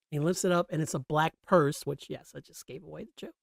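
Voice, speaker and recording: A man with a fairly high speaking voice talks through his solo podcast in a loose, slangy way. He rambles easily, close to the mic, and the sound is dry. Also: fast talker, creaky, few pauses, no echo. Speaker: podcast host. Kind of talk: casual solo chat.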